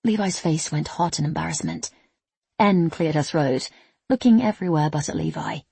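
A woman narrating an audiobook in an even, steady reading voice. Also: sits low, moderate pace, gravelly, husky, no echo.

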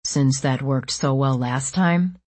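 A woman voicing a gloomy, sarcastic teenage boy who mutters his lines in a lowered, quiet voice. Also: slow pace, dry recording, heavily acted. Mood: glum.

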